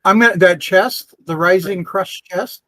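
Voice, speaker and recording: A man playing in a tabletop role-playing game, eager but pausing with fillers. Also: high-pitched, sharp tone, no echo. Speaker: player.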